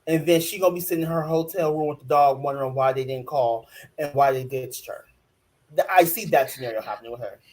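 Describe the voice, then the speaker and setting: A man co-hosting a casual TV recap chat, talking in an animated way, laughing often and repeating himself. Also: medium pitch, quick pace. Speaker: podcast co-host.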